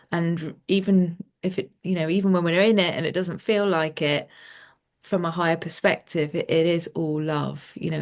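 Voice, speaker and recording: A woman co-leading a spiritual self-help class, speaking in a calm, reflective, thoughtful way. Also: low-pitched. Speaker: co-facilitator.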